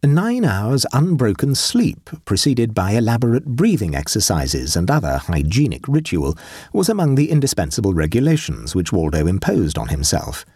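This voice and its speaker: A man narrating a story in a wry, expressive manner. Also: lowish voice, husky, no echo, clean studio sound. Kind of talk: audiobook narration.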